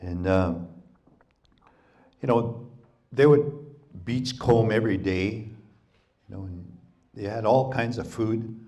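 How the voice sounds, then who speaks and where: Deep-voiced man telling a folktale. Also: dark tone. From Canada. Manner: unhurried, halting, many "you know"s. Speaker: storyteller. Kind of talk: oral folktale storytelling. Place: public library talk.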